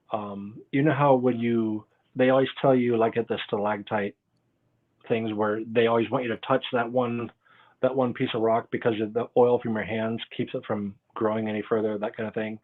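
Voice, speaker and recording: A man talks through his stories as a guest, circling back and losing his thread as he goes. His voice sits at an everyday middle pitch. It comes through thin and tinny, like a phone line on a video call. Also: steady tone, moderate pace. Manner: rambling, loses his train of thought. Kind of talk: casual interview storytelling.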